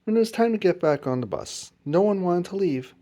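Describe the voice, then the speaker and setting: A man reading a children's picture book aloud as host, in an expressive, lilting storyteller manner. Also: high-pitched, fairly quick.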